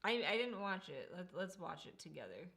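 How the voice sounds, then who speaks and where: A woman's voice: lowish voice, very animated, a little fast, vocal fry, fairly bright tone. A woman co-hosting a casual book livestream from home, teasing and laughing as she chats. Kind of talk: casual chat.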